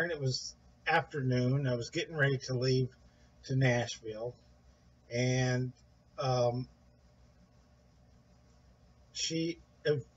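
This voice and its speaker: A man casually telling a rambling story, animated, quoting others in a raised voice, with a husky voice. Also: mid-range voice, lo-fi sound. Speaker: guest recounting events.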